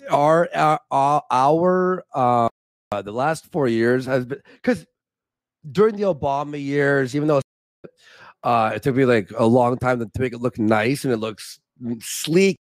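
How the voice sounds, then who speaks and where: A man's voice: medium pitch, measured pace, no room sound. A young man from Canada in casual livestream chat, rambling and getting heated, swearing and stumbling over restarts. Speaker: streaming guest.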